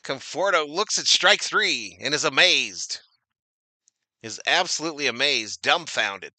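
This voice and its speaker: A man's voice: on the high side, expressive, unhurried, pushed and bright, dry recording. A man giving casual, slangy fan play-by-play of a baseball game, laughing often and reading chat comments aloud. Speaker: live-stream baseball commentator.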